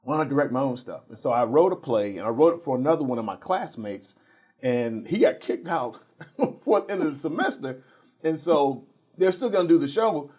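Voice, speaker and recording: A middle-aged man, a theater professor and guest on a talk show, telling animated stories with repeated words and frequent laughs. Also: fairly high pitch, a little fast, slightly rough. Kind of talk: casual interview storytelling.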